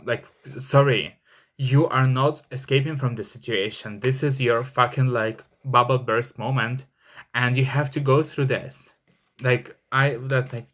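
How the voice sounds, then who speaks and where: A man's voice: medium pitch, measured pace, fairly bright tone. Man, giving an emphatic tarot reading. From Russia. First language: Russian. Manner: chatty and emphatic, heavy on "like" fillers and swearing. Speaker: tarot reader. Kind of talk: casual tarot reading to camera.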